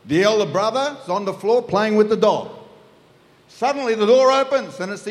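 A man's voice: high voice, animated, moderate pace. A man preaching a sermon, telling the story vividly and acting out the scenes. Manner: storytelling, acts out scenes in voices. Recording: echoey hall.

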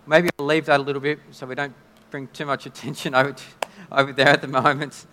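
A man preaching a sermon in a conversational, halting way, often restarting his sentences. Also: mid-range voice, flat delivery, bright, forceful tone, slight background noise. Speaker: pastor. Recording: long hall reverb.

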